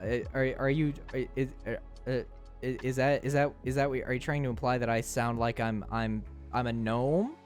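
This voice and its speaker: A man's voice: medium pitch, fairly even intonation, moderate pace, faint music behind. A young man streaming live, chatting playfully with his chat, laughing often and tripping over his words.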